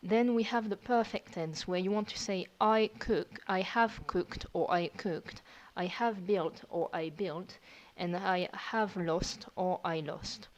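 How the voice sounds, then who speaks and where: Slow, patient woman teaching grammar. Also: fairly low pitch, muffled recording. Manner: patient step-by-step explaining. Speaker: French teacher. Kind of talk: recorded grammar lesson.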